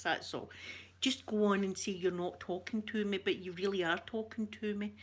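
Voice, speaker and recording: A woman's voice: medium pitch, fairly even intonation, measured pace. A Scottish woman hosting an ASMR channel, chatting in a rambling, jokey way and greeting viewers by name. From Scotland. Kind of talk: chatty live-stream talk.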